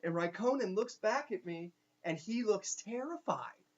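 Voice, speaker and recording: Young man telling a funny story. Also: high voice. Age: young adult. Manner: animated, with quick asides and restarts. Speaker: teacher. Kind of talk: casual storytelling. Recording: dull lo-fi recording.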